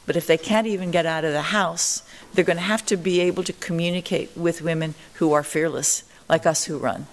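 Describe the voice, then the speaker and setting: A woman's voice: lowish voice, brisk, few pauses. Older woman telling a spirited story. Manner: animated storyteller acting out quoted voices. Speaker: interviewee, marathon pioneer. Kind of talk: storytelling interview answers.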